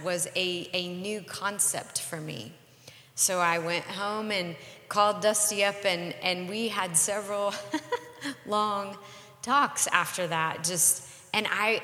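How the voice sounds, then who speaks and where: Co-host: woman in her 40s, bright and earnest, candid storyteller, roomy reverberant sound. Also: medium pitch. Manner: earnest, reflective, measured. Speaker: podcast co-host.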